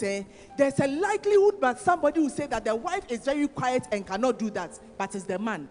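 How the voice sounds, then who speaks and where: Lively Ghanaian woman preaching in a hall. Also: sits high, fairly quick. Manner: lively, teasing, calls on audience members by name. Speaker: conference speaker. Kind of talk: sermon. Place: church hall. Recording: long hall reverb, faint music.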